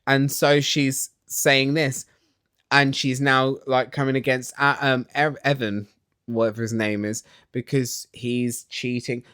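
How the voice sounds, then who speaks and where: A man's voice: medium pitch, level tone, measured pace, sharp tone, clear, resonant tone, no room sound, studio quality. A young man with a catty, sarcastic and chatty manner, recapping a reality show. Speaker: recap vlogger. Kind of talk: casual TV recap.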